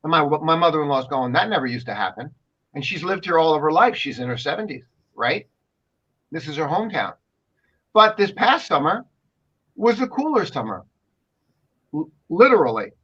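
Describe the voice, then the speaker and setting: A man's voice: a little high, big pitch swings, moderate pace, pauses often, fairly bright tone, slightly rough. Emphatic rambling man, lo-fi sound. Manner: emphatic, rambling, repeats himself. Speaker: co-host. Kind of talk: casual commentary talk show.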